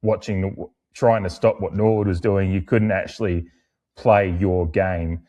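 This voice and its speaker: Podcast co-host: young man, low voice, loose rambling delivery with fillers. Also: unhurried. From Australia. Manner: rambling, lots of fillers and restarts; mimics other people in animated, higher-pitched bursts while retelling. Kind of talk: casual podcast chat.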